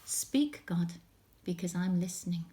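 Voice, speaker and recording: A woman's voice: lowish voice, animated, measured pace, warm tone. A woman voicing an eager young boy in a children's storybook tale. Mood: earnest.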